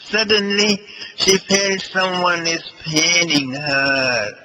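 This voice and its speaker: A man telling a devotional story as a swami, speaking deliberately and addressing his listeners as dear friends. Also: a little high, bright, forceful tone, a little hiss or hum, low-quality recording.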